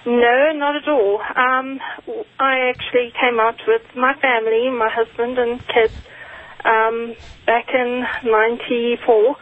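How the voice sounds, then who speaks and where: A woman's voice: fairly high pitch, level tone, slow pace. South African woman on a phone line. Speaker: caller. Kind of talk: call-in conversation.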